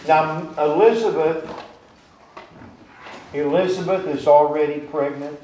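Male preacher with a higher-pitched voice, heard from far off in a reverberant church, quizzing his flock. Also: darkish tone, slight background noise. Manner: questions the congregation directly; retells scripture in plain, folksy words. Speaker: pastor. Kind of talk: sermon. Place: church sanctuary. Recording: echoey church recording from afar.

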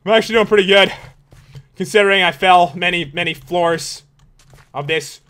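An excitable young man with a high voice gives running commentary over his own gameplay. He jokes with other players and frets out loud when things get close. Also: normal speed, long pauses. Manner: excitable, jokey, panics out loud. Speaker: gaming video host.

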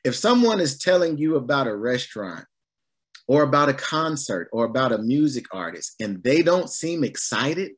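A man preaching a sermon in a relaxed, conversational way, mixing everyday stories with gentle humor. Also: mid-range voice, normal speed, breathy edge. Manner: animated and conversational, acting out lively quoted voices.

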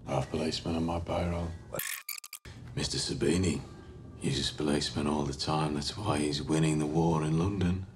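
A cold gangster boss. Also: male voice, a bass voice, fairly even intonation, normal speed, a little mellow, a little hiss or hum.

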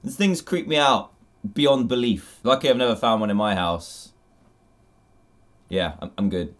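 A man's voice: mid-range voice, measured pace, slight background noise. A young man with an English accent, commentating as a YouTube host as he reacts to funny clips. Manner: animated, exclaiming and laughing at clips.

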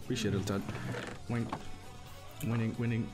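A man's voice: fairly low pitch, little pitch movement, normal speed, over music. A man streaming a game, chatting casually and teasing his co-player with jokey banter. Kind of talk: casual gaming stream chat.

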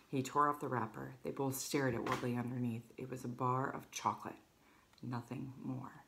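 A woman's voice: a bass voice, little pitch movement, normal speed, creaky, a bit bright. A woman teacher reading a children's novel aloud to her students, talking casually with many fillers.

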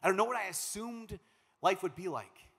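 A man from Minnesota, a priest giving a conference talk, an animated storyteller who acts out the quotes he tells. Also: high voice, normal speed, breathy edge. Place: large conference hall. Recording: long reverb of a big hall.

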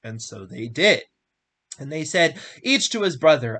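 A man co-hosting a podcast, reading a Bible passage aloud in a measured way, slowing down on solemn lines. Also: fairly high pitch, sing-song, pushed and bright. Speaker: podcast co-host reading scripture.

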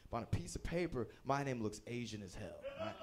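A man's voice: medium pitch, a little fast. Young guy doing standup at a little club, voice jumps all over, self-mocking stories. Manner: animated, self-deprecating storytelling with playful voice swings. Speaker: stand-up comedian. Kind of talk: stand-up comedy set. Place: small comedy venue at a bowling alley.

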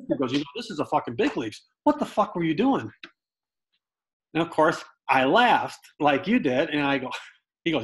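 Recorded roughly, a middle-aged man in an interview tells baseball stories in a relaxed way, performing the quotes, profanity and all, as an animated storyteller. He speaks briskly with a fairly high voice.

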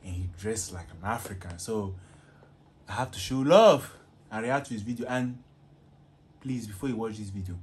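A man with a fairly low voice opens his reaction video in a loose, slangy, conversational way. A faint hiss of noise runs under him. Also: moderate pace, pauses often. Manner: relaxed, chatty, slangy. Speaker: reaction YouTuber. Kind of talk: casual video intro.

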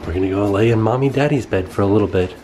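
A man in his thirties co-hosting a casual family vlog, teasing and relaxed. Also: lowish voice, rapid-fire, crowd noise. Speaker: vlog co-host.

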